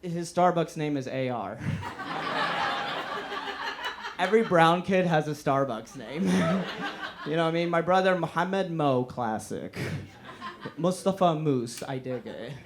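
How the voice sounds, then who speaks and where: High-voiced young man doing stand-up. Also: measured pace. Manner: animated, laughing between jokes. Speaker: comedian. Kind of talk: stand-up comedy. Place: live comedy room with an audience.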